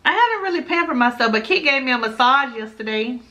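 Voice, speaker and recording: A woman in her thirties with a South Florida accent chats easily with her viewers, laughing often and calling them "y'all." Her voice is bright and sits a little high. She talks in a relaxed, homey vlogging style. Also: fast. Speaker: mukbang YouTuber answering viewer questions. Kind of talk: casual chat to viewers.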